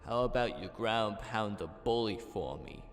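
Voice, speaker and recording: A man's voice: lowish voice, expressive, unhurried. A man voicing a naive little three-year-old boy. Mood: sulky. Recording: echoey, music behind.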